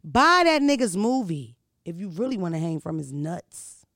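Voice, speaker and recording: A brash woman, chatting and telling stories in a loud, profane, animated way. Her voice has a gravelly rasp. The sound is dry and close, with no room around it. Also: fairly low pitch, normal speed, no echo. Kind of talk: casual storytelling chat.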